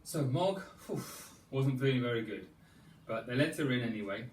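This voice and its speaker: A man leading a children's storytelling yoga class, playful and animated, coaxing the children through each pose. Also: medium pitch, moderate pace, slight background noise. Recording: echoey room, distant mic, faint ambience.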